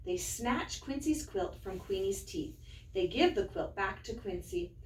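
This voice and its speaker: A woman teacher reads a picture book aloud to young children, slow and sing-song, her pitch lively and bright. She sounds a little distant, in an echoey room with a faint background hum. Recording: roomy, mic at a distance.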